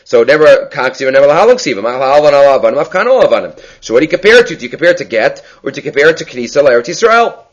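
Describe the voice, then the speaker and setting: Man teaching a lively Talmud class. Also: medium pitch. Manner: quick, animated, mixes Hebrew and Aramaic terms into English explanation. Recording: lo-fi muffled recording.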